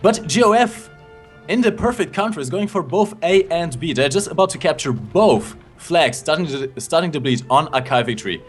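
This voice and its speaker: Male co-caster, lively pitch, cheeky analytical style, slightly high voice. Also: moderate pace, soft background music. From Germany. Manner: analytical, cheeky, laughs often. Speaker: esports co-commentator. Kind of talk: casual live game commentary.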